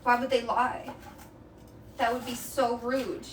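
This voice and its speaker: Her voice is a little high and level, and she takes her time as she cooks and chats with her livestream audience, giggling along the way. She's a young French-speaking woman from Quebec with a Québécois accent, streaming from her home kitchen. Heavy background noise and echo come through because the mic is far away.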